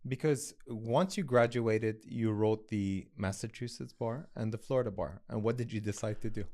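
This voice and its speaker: A man's voice: lowish voice, moderate pace, dark tone. A man hosting an interview, asking encouraging questions and praising his guest. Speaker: podcast host.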